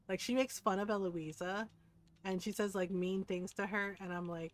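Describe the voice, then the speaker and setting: A woman's voice: mid-range voice, moderate pace, slight background noise. Chatty, swearing woman game streamer. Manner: animated gossipy storytelling, swears freely. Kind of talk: casual live-stream chat.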